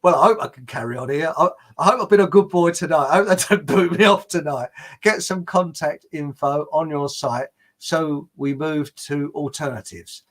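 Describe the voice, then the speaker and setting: A man's voice: fairly high pitch, moderate pace, a bit bright. An older man with a British accent, hosting a casual livestream chat, rambling with restarts, chuckling often and reading out viewer comments. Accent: British English. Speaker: livestream host.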